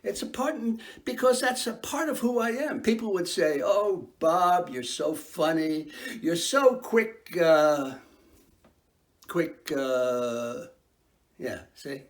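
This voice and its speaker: A man's voice: on the high side, slow. An actor playing a man who fears he has lost his sense of humor, in a rueful, self-mocking stage monologue.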